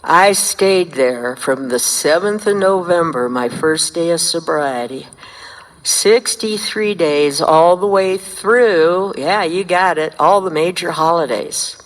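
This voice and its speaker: A woman's voice: on the low side, slow. Older woman sharing her story in a hall. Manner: lively storyteller, acts out dialogue. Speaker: speaker sharing recovery story. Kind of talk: recovery meeting share. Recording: long hall reverb.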